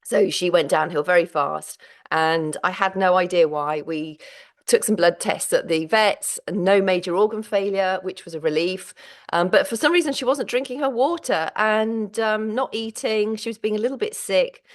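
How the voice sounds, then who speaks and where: A middle-aged woman hosting her own vlog about menopause and sharing a candid personal update. She talks while exhausted and close to tears, with halting starts and restarts. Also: medium pitch. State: physically and mentally exhausted.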